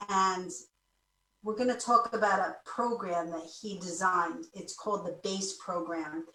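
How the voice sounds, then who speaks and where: Woman host, lower-pitched, casual rambling intro style, distant and roomy recording. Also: steady tone, a little slow, pushed and bright. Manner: rambling, circling back to rephrase. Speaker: show host. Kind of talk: casual talk-show introduction. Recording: echoey room, voice distant from mic.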